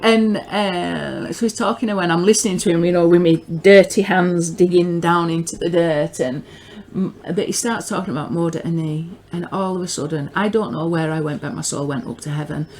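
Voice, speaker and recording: A middle-aged woman with a northern English accent giving a rambling personal testimony, often repeating and restarting words as she grows excited. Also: lowish voice, fairly quick. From northern England. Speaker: religious video maker.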